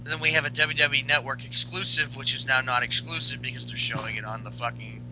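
A man's voice: mid-range voice, fairly even intonation, fast, sharp tone, a little hiss or hum, poor audio. A man co-hosting a podcast, recapping in crude, rambling casual banter. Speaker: podcast co-host.

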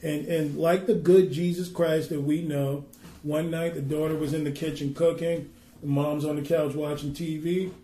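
An earnest male minister preaches and tells stories with a fairly high but mellow voice. He reads scripture slowly and with weight. The sound is roomy and echoey. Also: little pitch movement, a little hiss or hum. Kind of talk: preaching and storytelling on a podcast.

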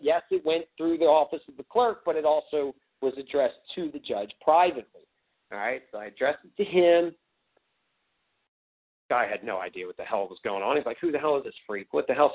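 Man, casual storytelling, blunt and swearing, fairly high voice, tinny call audio. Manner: blunt, profane, emphatic. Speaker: speaker on a community call. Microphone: phone or call line. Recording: tinny phone line.

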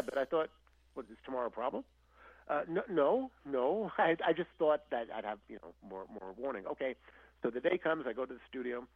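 Older man, animated storyteller, husky voice, dull lo-fi sound. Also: mid-range voice, no room sound. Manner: animated storyteller, acts out quotes, frequent restarts. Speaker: guest musician. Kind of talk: casual storytelling interview. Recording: dull lo-fi audio.

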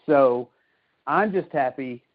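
A man's voice: medium pitch, slow. A man telling a rambling, laughing story in a casual chat on a community call. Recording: dull lo-fi call audio.

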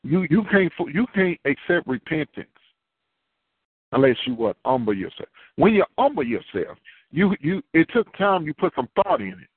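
A man's voice: a little high, very animated, moderate pace, husky, no room sound. Preacher man over a tinny phone line. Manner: conversational preaching with call-and-response questions. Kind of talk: sermon.

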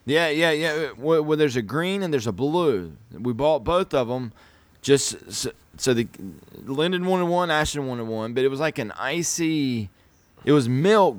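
A man's voice: mid-range voice, animated, dry recording. Male podcast host, rambling casual chat, dry mic. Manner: rambling, drawn-out sign-off with playful shouts.

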